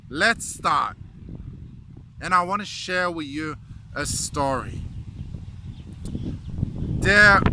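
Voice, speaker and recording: A man's voice: sits high, noisy background. A man giving a motivational talk, telling a story and giving tips in an earnest, emphatic way. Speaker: motivational speaker.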